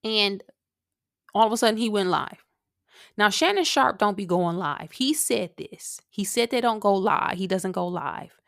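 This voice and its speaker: A woman hosts her podcast in a casual, animated monologue and keeps turning to her listeners. Her voice sits at a middle pitch. The sound is dry and close, with no room in it. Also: a little slow, creaky, no echo. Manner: chatty and animated, with asides to listeners. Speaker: podcast host.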